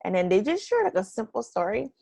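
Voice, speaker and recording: A woman's voice: a little high, very animated, quick pace, vocal fry, warm tone, no room sound, rough recording. A woman hosting a podcast interview, speaking earnestly and reflectively in a conversational way. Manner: earnest, reflective, with some restarts. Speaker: podcast host.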